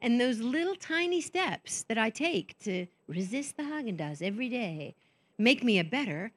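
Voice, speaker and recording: A woman's voice: on the high side, very animated, moderate pace. A woman speaking at a women's conference. She tells candid, self-mocking stories and acts out the voices of the people she quotes. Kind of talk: conference talk.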